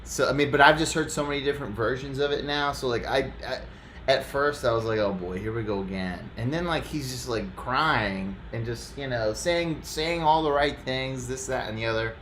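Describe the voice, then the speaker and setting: A man's voice: mid-range voice, normal speed, a bit bright, roomy sound, slight background noise. A man hosting a sports talk show in casual chat, joking and laughing easily, often trailing off mid-sentence. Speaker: podcast host.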